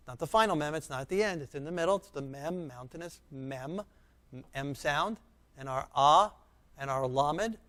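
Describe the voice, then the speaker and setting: A man teaching a beginner Hebrew lesson, speaking slowly and patiently and repeating each sound and word for learners. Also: mid-range voice, fairly bright tone.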